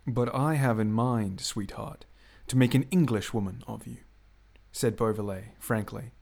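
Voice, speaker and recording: A man's voice: mid-range voice, normal speed, creaky, darkish tone. A man reading a passage from a historical romance novel aloud, giving the dialogue some expression. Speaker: reader of a book excerpt.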